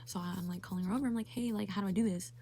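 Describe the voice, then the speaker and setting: A woman's voice: mid-range voice, rapid-fire, dark tone, slight background noise. A young woman telling a frustrated story in a casual vlog rant, full of "like" and swearing. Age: young adult. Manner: exasperated, heavy use of "like", swearing. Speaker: vlogger.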